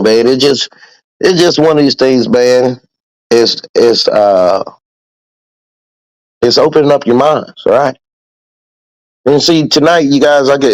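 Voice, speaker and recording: Male podcast host, lively pitch swings, dry close-miked sound, profane and preachy. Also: no room sound, low-quality recording. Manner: profane, preachy, emphatic with repetition. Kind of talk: casual motivational podcast talk.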